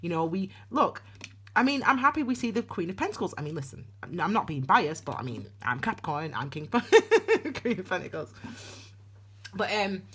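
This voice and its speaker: A woman's voice: lowish voice, sing-song, normal speed, a bit bright, slightly rough. A woman giving a casual, rambling tarot reading, with frequent restarts and asides. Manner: chatty, rambling, with many restarts and voiced asides. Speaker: tarot reader.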